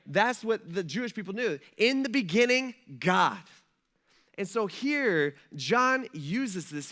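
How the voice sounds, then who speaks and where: A pastor delivers a sermon in an easygoing, folksy way, repeating himself and checking in with his listeners. His voice sits high for a man. It has a bright, pushing edge. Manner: casual, folksy, asks the room "right?" often. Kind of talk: conversational sermon.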